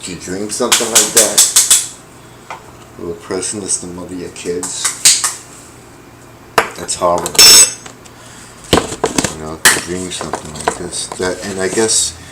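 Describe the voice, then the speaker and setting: A middle-aged man telling a personal story in a halting way, with many restarts and fillers. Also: low-pitched, fairly even intonation, heavy background noise. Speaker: vlogger. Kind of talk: rambling personal account.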